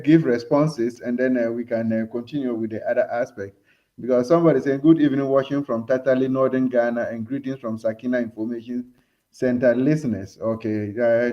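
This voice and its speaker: A man hosting a live talk show, speaking in a measured way with many hesitant fillers as he reads out viewer messages. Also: mid-range voice. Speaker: show host. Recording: dull lo-fi stream audio.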